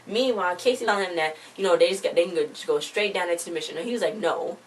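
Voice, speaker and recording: A woman's voice: fairly low pitch, rapid-fire. A woman giving a casual, rambling recap of a TV episode, chatting with lots of fillers. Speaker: TV episode reviewer. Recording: distant mic with faint background noise.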